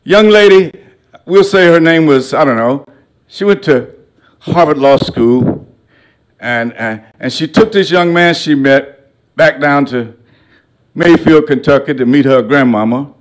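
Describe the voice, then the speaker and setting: A man's voice: on the high side, measured pace. An older man giving a public lecture as a guest speaker, folksy and humorous, with a preacher-like cadence, in a college lecture hall.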